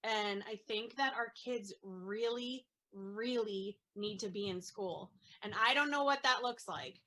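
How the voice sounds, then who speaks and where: Bright-voiced mom chatting earnestly, lots of ums and restarts. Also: female voice, medium pitch, low-quality recording. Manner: earnest, halting with many fillers. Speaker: guest, autism mom. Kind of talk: casual interview chat.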